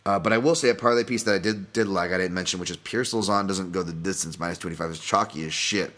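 Low, bright-voiced man rambling casually. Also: fast. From Boston. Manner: rambling, profane, self-interrupting. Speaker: podcast host. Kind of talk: casual solo podcast breakdown.

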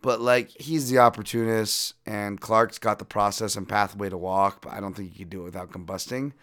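A man hosting a fight podcast, breaking down bets in a profane, animated and self-deprecating way. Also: on the low side, fairly quick. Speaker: podcast host and fight analyst. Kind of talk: casual betting-podcast breakdown.

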